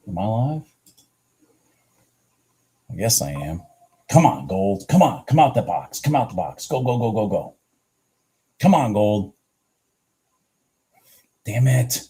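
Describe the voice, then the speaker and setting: A man hosting a live trading stream, urging his trades on, swearing at the chart and then slowly talking through his morning and setups. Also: deep voice, a little mellow, husky. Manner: slow, rambling and candid when explaining. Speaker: futures trading livestream host.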